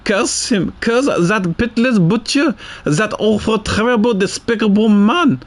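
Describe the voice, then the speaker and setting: A man's voice: high voice, a little slow, pitched above the performer's own voice. A man putting on a ranting, spiteful woman warden. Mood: bitter ranting. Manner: spiteful, ranting, repeating curses. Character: bitter frantic woman prison warden.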